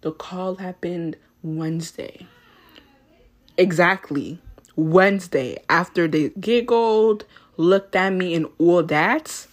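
A teenage girl hosting a podcast, telling a story in a chatty, animated way full of fillers. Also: on the low side, measured pace. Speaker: podcast host. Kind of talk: casual storytelling.

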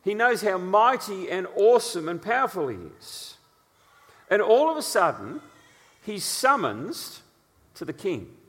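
A man preaching a sermon, telling stories in an animated way, with his voice sitting on the higher side. His words carry the long reverb of a big hall. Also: measured pace. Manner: animated storytelling with frequent uh fillers.

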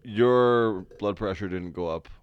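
A man's voice: lowish voice, unhurried, clear, resonant tone, highs cut off. A man co-hosting a podcast in casual chat, making dry, wry teasing remarks. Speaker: podcast co-host.

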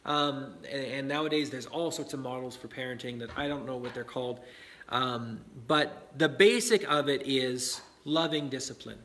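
A man's voice: mid-range voice, normal speed, fairly bright tone. A man preaching a sermon on parenting in a conversational way, with fillers and frequent "right?" checks to the listeners. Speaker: pastor.

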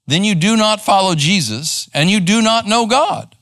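A middle-aged man, a pastor teaching live in church, conversational and animated as he tells a story. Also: high voice, normal speed, few pauses, no echo. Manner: animated, conversational, acts out quoted voices. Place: church sanctuary.

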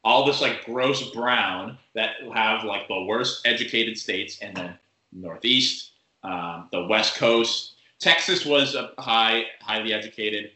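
Casual rambling man, bright echoey sound. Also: on the low side, slow pace. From Massachusetts. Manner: rambling, lots of fillers. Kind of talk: casual chat.

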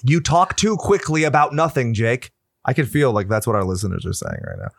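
A man's voice: mid-range voice, sing-song, a little fast, vocal fry, no room sound, studio quality. A man co-hosting a podcast, casual film chat full of profane jokes. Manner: profane, joking banter. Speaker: podcast co-host.

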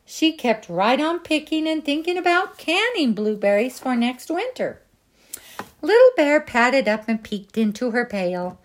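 A woman reads a children's picture book aloud, slowly and gently. Her voice sits a little high and moves a lot. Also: sing-song. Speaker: storybook reader.

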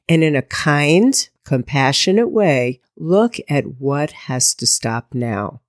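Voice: medium pitch, no echo, studio quality. A podcast host speaking as a coach in an earnest, encouraging monologue, putting direct questions to the listener.

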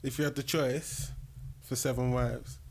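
A man's voice: mid-range voice, level tone, a little slow, creaky, a little mellow, slightly rough. Teasing man in casual chat. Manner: teasing, slangy, questioning.

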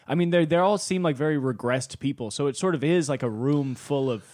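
A man co-hosting a podcast, telling stories in a blunt, profane, animated way. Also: on the high side, a little fast, dry recording, clean studio sound. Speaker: podcast co-host. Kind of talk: casual podcast chat.

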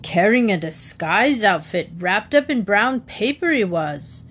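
A woman voicing a gruff, pompous male doorman who blusters with suspicion, in a read-aloud storybook. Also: mid-range voice, expressive, unhurried, a bit bright. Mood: blustering.

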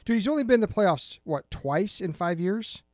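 An excitable man co-hosting a casual sports podcast, his voice a touch high and swinging widely in pitch. He chats fast and loose, jumping into short impressions, recorded close and dry with no room sound. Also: no echo. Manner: excitable, mimics people in bursts. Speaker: podcast co-host.

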